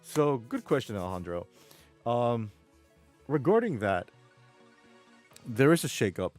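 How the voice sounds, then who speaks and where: A man's voice: medium pitch, very animated, unhurried, a little mellow, soft background music. A man with a New York accent, chatting casually on a live stream while gaming, rambling and reading chat aloud.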